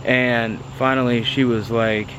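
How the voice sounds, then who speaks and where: A man vlogging about a car, telling a story to the camera in a chatty, excitable way with lots of fillers. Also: mid-range voice, a little slow, slight background noise.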